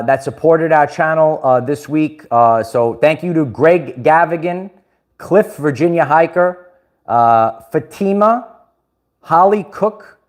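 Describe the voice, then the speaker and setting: Rambling upbeat man hosting a livestream. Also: fairly high pitch. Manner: rambling, repeats words and restarts, laughs often. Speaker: livestream host. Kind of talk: casual livestream chat.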